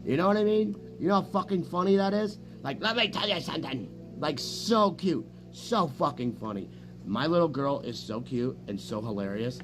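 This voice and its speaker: A man's voice: a little high, normal speed, music in the background. A man streaming a casual, rambling chat, swearing often and bragging as he jumps from story to story. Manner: profane, boastful, jumps between stories. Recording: noisy room with hum.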